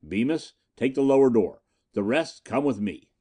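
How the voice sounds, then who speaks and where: Brief: diminutive hard-nosed chief, done by the narrator, snapping short orders. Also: male voice, mid-range voice, animated, normal speed, dark tone, close to an everyday voice. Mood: curt. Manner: curt, clipped orders. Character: small, hard-driving male police chief.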